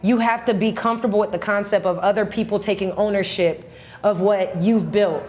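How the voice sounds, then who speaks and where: A woman's voice: medium pitch, fairly even intonation, brisk, a little mellow. A woman marketer and entrepreneur talking casually over coffee. She thinks aloud, works through her reasoning, and restarts her phrases as she goes. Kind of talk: casual chat.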